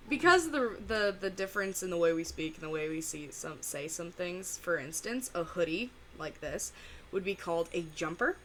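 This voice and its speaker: A woman talks her way through a reaction video. She rambles, stops and restarts, and leans on fillers. Her voice sits slightly low but sounds very bright, with a faint hiss underneath. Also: expressive. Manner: rambling, many fillers and pauses. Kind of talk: casual reaction commentary.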